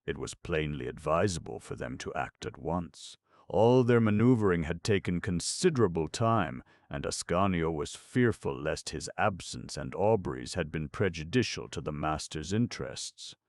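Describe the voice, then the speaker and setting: Brief: male audiobook narrator, very low and gravelly, measured classic-novel reading. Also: expressive, no room sound, studio quality. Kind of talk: scripted narration.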